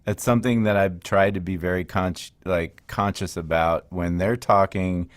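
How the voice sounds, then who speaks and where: A middle-aged man hosting a legal podcast, chatting in a relaxed, thoughtful way. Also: low voice, moderate pace, no echo. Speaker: podcast host, lawyer. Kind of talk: casual interview chat.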